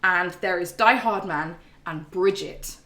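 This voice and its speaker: In an echoey room, a woman with a fairly low, bright, pushed voice takes her time recapping a game for her live chat. The streamer's delivery is casual and wandering, peppered with profanity, ums and laughs.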